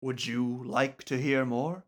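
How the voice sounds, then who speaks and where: A man voicing a rambling, forgetful old male lore scholar, reading game dialogue in a measured, softened way. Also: medium pitch, steady tone, close to an everyday voice. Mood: musing.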